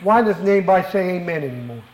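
A man's voice: high-pitched, lively intonation, fast, roomy sound, rough recording. A middle-aged man preaching a sermon in a church, fervent and emphatic, often asking the congregation rhetorical questions. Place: church worship hall.

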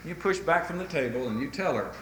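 Animated high-voiced man preaching a sermon. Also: quick pace, reverberant, a little hiss or hum, poor audio. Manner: folksy, animated storytelling.

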